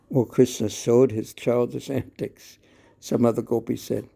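A man narrating a devotional story in a calm, measured way. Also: medium pitch, gravelly, breathy edge.

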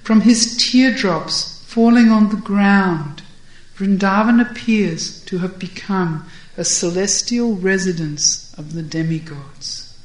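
A woman voicing a calm young male cowherd who explains and gently corrects his friends. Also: mid-range voice, takes it slowly, reverberant, lightly acted, poor audio.

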